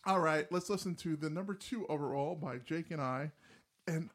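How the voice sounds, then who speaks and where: A New Jersey man co-hosting a casual music podcast tells stories animatedly, imitating riffs and voices. His voice is fairly high and a bit bright, at a moderate pace.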